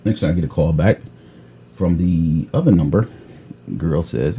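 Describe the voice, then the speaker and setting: A man telling a story in casual chat, blunt and tough-talking, often clearing his throat. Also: deep voice, moderate pace, long pauses, warm tone, a little hiss or hum. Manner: blunt, tough-talking, retells calls with quoted dialogue. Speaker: podcast host telling a story.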